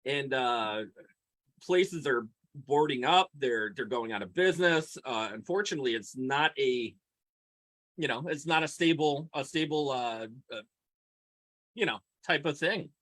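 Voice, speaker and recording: Male podcast co-host, animated and teasing, bright voice with a lot of pitch movement, on a video call. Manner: animated, joking, quick to tease. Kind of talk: casual podcast banter.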